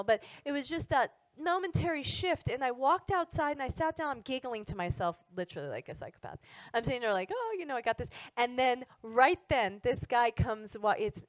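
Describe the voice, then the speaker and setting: Woman, higher pitch, dry close sound, wellness teacher, animated casual storytelling. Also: dry recording, poor audio. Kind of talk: personal story told to an audience.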